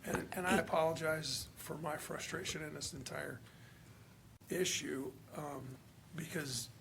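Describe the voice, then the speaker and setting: A male county commissioner speaking at a public hearing, frustrated and halting, with many restarts. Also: a little high, steady tone, vocal fry, noisy background. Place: hearing room.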